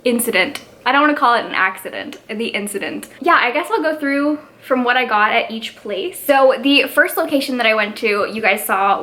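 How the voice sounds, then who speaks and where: A woman's voice: a little high, sharp tone. A woman in her twenties chatting casually to camera as a book vlogger, rambling and peppering her talk with fillers. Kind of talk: casual vlog.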